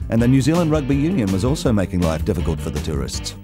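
Lively low-voiced male documentary narrator. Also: fast. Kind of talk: scripted narration. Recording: music under voice.

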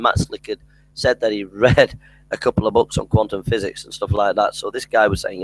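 A man's voice: fairly low pitch, fairly quick, no room sound, poor audio. Emphatic man in a dry, close recording. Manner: emphatic, repeats phrases, mimics opponents. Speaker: Christian apologetics speaker. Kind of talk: casual monologue.

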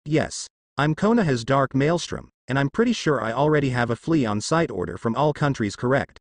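A man's voice: mid-range voice, expressive, brisk, dry recording, studio quality, close to an everyday voice. A man voicing a cocky, cold young male ninja who mocks and threatens in a taunting manner. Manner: taunting and mocking.

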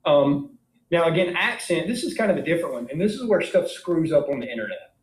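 A man's voice: on the high side, lively intonation, a little fast. A man giving an informal philosophy lecture in an emphatic way, asking his class many rhetorical questions. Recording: echoey room.

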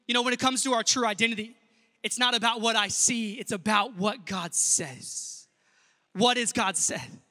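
A man's voice: very high-pitched, normal speed, pushed and bright, long reverb tail. A male pastor preaching an earnest sermon in a church and speaking directly to the congregation. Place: church sanctuary.

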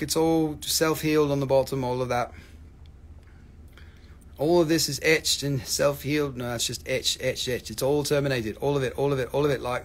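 A middle-aged man runs a live-stream rock sale in loose sales chat. His voice is gravelly and rough. He talks excitably, hyping each stone and swearing casually. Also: mid-range voice.

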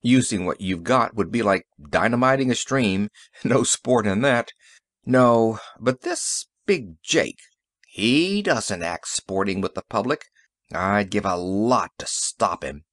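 A man voicing a weary middle-aged police sergeant in an audiobook, speaking in a gruff, rueful, somewhat lower voice. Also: animated, slow, a bit bright, no echo, clean studio sound. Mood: bitter. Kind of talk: audiobook character reading.

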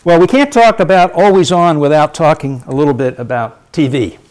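A middle-aged man giving a public lecture, lively and emphatic, repeating his key points for effect. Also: on the high side, a little fast.

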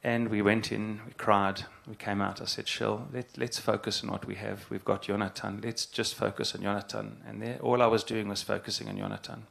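A rabbi in middle age gives an earnest spoken address, halting at times and repeating phrases for emphasis. His voice sits fairly low, with a flat delivery, a creaky texture, and a fairly bright tone.

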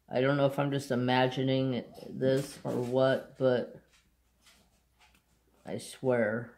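Slow, gravelly man chatting casually. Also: medium pitch, darkish tone. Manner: rambling, unhurried storytelling. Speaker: crafts channel host. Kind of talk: casual chat.

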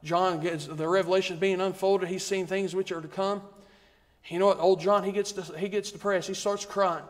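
Male preacher, high voice, rhythmic repeated refrains, long church reverb. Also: steady tone, moderate pace. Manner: rhythmic, repetitive preaching with rising emphasis. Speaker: guest preacher. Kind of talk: sermon. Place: church sanctuary.

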